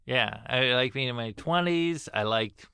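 A man's voice: mid-range voice, measured pace, creaky, bright, forceful tone, clean tone, no room sound. A man in his fifties co-hosting a podcast, chatting casually with a wry, dry teasing manner. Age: 50s. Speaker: podcast co-host. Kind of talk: casual chat.

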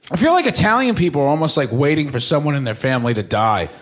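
A young man from Staten Island doing a crude, deadpan stand-up comedy set on a club stage. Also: a little high, fast talker. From Staten Island, New York. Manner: deadpan, crude, shifts into mocking voices for quoted people. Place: comedy club stage before a laughing audience.

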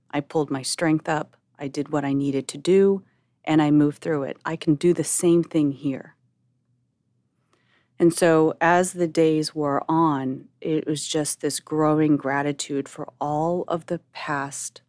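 A woman with a notably low voice speaks in a measured, earnest way on a podcast. She talks reflectively and steadily. The recording is dry and close. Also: darkish tone, dry recording. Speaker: podcast host. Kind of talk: reflective monologue.

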